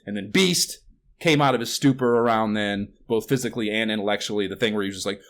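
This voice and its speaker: A man's voice: lowish voice, quick pace. A man co-hosting a podcast, talking casually, rambling, swearing freely and breaking into incredulous outbursts. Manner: rambling, swears often, animated outbursts of disbelief. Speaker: podcast co-host. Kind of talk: casual chat.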